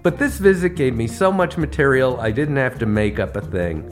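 A man spins comic travel stories for his podcast, landing each punchline wryly. His pitch is middling but moves a lot, rising and dropping as the jokes build. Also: lively intonation, moderate pace, faint music behind. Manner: wry, punchline-driven delivery. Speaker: podcast host. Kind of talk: comedic travel storytelling.

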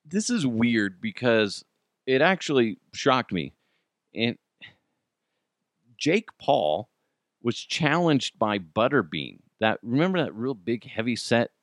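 A man hosts a podcast in a casual, foul-mouthed rant. His pitch swings widely, rising high when he is indignant. The sound is dry and close, with no room echo. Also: very animated, a little slow, long pauses. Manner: ranting, swears a lot, laughs. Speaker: podcast host. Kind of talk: casual profane monologue.

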